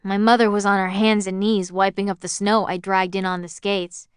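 A woman reading a first-person story aloud as an audiobook narrator, in an even, measured way. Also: medium pitch, clean tone, no echo, clean studio sound.

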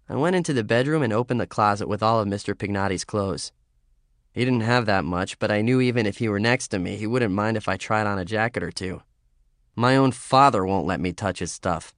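A man reading a first-person story as an audiobook narrator, in a measured, understated way. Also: fairly low pitch, no room sound, clean studio sound.

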